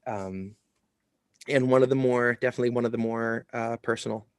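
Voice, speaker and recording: A man's voice: medium pitch, fairly even intonation, brisk, clear, resonant tone, dry recording, studio quality. A man, a musician and podcast guest, chatting casually and agreeing with short yeps. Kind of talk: casual chat.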